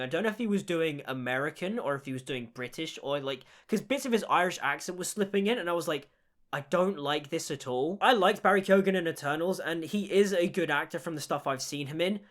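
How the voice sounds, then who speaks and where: A young man giving a casual, animated film review, rambling with lots of "like". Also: sits high.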